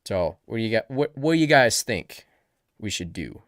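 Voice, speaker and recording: A man's voice: lowish voice, very animated, moderate pace, dry recording, clean studio sound. A man streaming a live reaction, talking casually and rambling with frequent backtracking.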